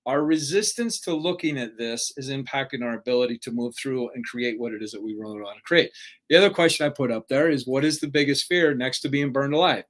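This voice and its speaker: A man's voice: medium pitch, fairly bright tone. A man hosting a live motivational talk. He speaks earnestly, keeps checking in with "right?", and acts out dialogue when he tells a story. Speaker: live show host, speaking coach.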